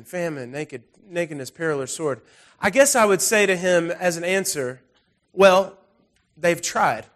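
High-voiced man preaching a story-filled sermon. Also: a bit bright. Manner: conversational, storytelling, frequent restarts. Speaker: pastor. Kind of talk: sermon with personal stories.

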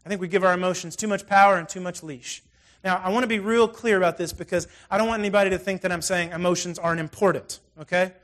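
A middle-aged male pastor preaching a sermon in a conversational, animated way, full of asides and storytelling. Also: high voice, fast talker.

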